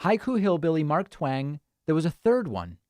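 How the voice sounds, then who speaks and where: A man's voice: fairly high pitch, big pitch swings, moderate pace, a little mellow, no room sound. A man hosting a livestream, casually commenting and reading viewer chat aloud with wry, dry humor. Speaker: livestream host.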